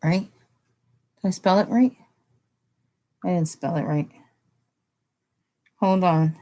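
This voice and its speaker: A chatty woman hosting a casual live stream, talking straight to viewers in the chat and often jumping up in pitch when excited. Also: slow pace.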